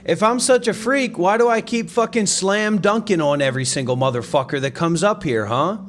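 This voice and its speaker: A man's voice: high voice, normal speed, few pauses. A man hosting a meditation livestream, taking call-in questions and answering in a blunt, profane, mocking, confrontational way. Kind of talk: live call-in Q&A.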